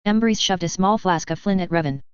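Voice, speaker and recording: A woman reading a fan fiction story aloud in a plain, steady way. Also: fairly low pitch, fairly quick, clear, resonant tone, no echo, lo-fi sound.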